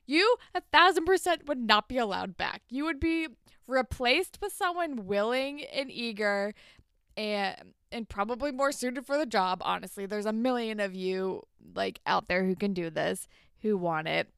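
A woman's voice: lively intonation, normal speed, fairly bright tone, smooth, dry recording, studio quality. A young woman co-hosting a casual podcast, recapping a TV episode and acting out the characters' lines. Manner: chatty, acts out characters' lines with big pitch jumps. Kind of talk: casual chat.

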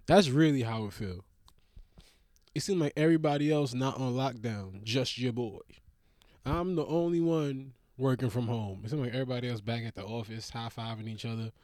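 A young man riffing in a casual comedic monologue, rambling and profane, with big jumps up in pitch when he gets worked up. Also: moderate pace, a little mellow, no room sound, studio quality. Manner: trails off into mutters.

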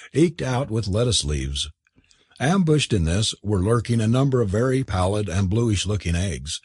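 Husky, expressive male storyteller. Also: on the low side, no echo, studio quality. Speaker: narrator. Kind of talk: scripted audiobook narration.

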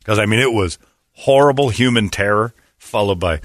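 A man's voice: on the low side, normal speed, slight background noise. A middle-aged man hosting a show, chatting casually and acting out the people in his stories. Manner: animated storyteller who acts out the people in his stories. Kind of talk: casual studio banter.

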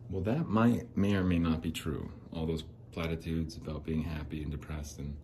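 A man's voice: very deep voice, steady tone, moderate pace, hardly any pauses, mellow, a little hiss or hum, low-quality recording. A young man hosting a solo podcast, rambling in a jokey, self-deprecating way. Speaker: podcast host.

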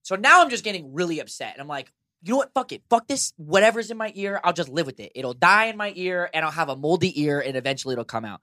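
A man's voice: on the high side, animated, fast, pushed and bright, no room sound, clean studio sound. A young man co-hosting a podcast, telling a story in casual chat, swearing freely and acting out his own reactions. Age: young adult. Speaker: podcast co-host.

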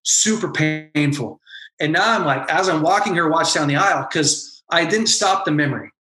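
Earnest bright-voiced man, echoey room. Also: a little high, faint music behind. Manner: earnest, emotional storytelling with quick bursts. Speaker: podcast guest, former pastor. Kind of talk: candid podcast conversation.

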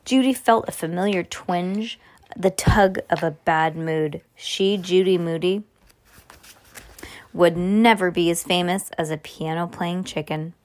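A woman reading a children's storybook aloud at home, expressive and lively with casual chatty asides to a child. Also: lowish voice, a little slow.

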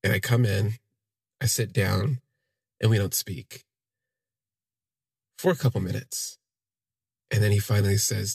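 A man with a deep-leaning, very husky voice and a gravelly edge recounts his own story in the first person. He speaks in a halting, reflective way, trailing off and circling back. The sound is close and dry. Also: fairly even intonation, dry recording. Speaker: podcast storyteller.

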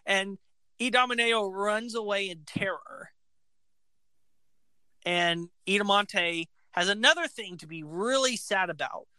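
A woman casually retelling an opera plot, animated and acting out the characters' lines. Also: medium pitch, a little slow, clear, resonant tone, dry recording.

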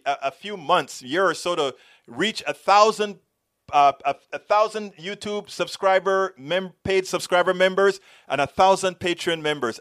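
A man's voice: fairly high pitch, a bit bright, smooth. A middle-aged man from Panama with a Panamanian accent, hosting a political show and reading viewer comments in a rambling, stumbling way. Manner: rambling, restarts and stumbles often. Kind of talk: live-stream chat reading viewer comments.

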